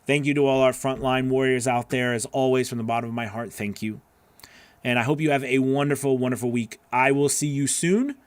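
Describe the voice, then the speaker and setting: A man's voice: medium pitch, fairly even intonation, fairly quick, no echo. Guy running a live voiceover class, answering chat, earnest and encouraging, rambly, dry close sound. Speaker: voice-over coach hosting a live class. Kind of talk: live-stream Q&A, reading and answering chat questions.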